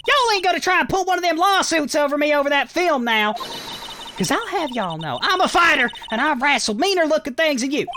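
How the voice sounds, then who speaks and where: A man voicing a brash, loud young Southern woman with a twangy accent in a game playthrough. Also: very high voice, very animated, brisk, noisy background, voice pushed up. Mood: defensive, boastful. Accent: American Southern.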